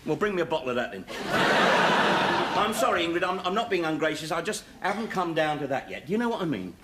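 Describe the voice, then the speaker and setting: Sitcom, 1970s: wisecracking middle-aged ex-lag, higher-pitched, teasing. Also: male voice, very animated, fast talker, a bit bright. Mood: wry, bantering. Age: 40s. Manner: sardonic, teasing banter. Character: wry wisecracking middle-aged ex-con father. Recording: noisy 1970s TV soundtrack.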